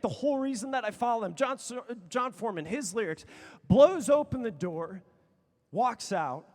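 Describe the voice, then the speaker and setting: A man in his thirties, a youth conference speaker telling a story with excitable energy and sudden shouts. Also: extremely high pitch. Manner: excitable, animated, bursts into shouts. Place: large conference hall. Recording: long reverb of a big hall.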